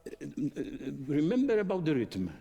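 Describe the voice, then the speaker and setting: A man teaching a violin masterclass, singing musical phrases in syllables and explaining tempo and dynamics in halting speech with many fillers. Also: fairly high pitch, huge pitch swings, dark tone, breathy edge. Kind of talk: masterclass instruction. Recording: long hall reverb.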